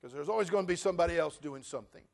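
Male pastor, high voice, animated sermon delivery with big loud-soft swings. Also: rapid-fire, gravelly. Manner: animated preaching, swinging between loud rants and quiet asides. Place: church.

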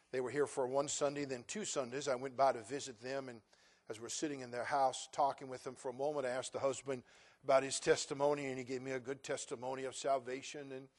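A man preaching a sermon as pastor, telling a story with soft asides and then loud, emphatic stretches. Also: mid-range voice.

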